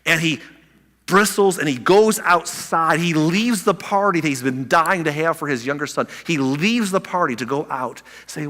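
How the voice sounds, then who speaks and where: A man preaching a sermon as pastor, animated, acting out the people in the story with big swings in loudness. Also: a little high, normal speed, in a large hall.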